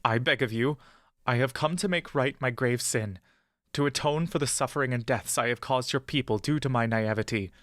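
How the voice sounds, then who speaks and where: An actor playing an injured, frightened monk who pleads and begs in a pained, breathless voice. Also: male voice, mid-range voice, moderate pace, a bit bright, no echo, studio quality, close to an everyday voice. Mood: begging. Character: wounded, frightened elderly male monk, pleading.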